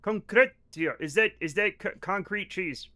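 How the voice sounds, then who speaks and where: Playing a game on a live stream, this man rambles, curses, and cracks jokes as he talks casually with his audience. His voice sits high and sounds bright and forceful, delivered at a measured pace.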